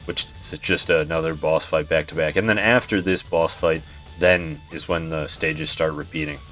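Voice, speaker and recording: A man's voice: a bass voice, fairly even intonation, moderate pace, a bit bright, faint music behind. A young man giving laid-back gameplay commentary, swearing often, chuckling and sounding tired. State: yawning, tired. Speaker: gaming YouTuber.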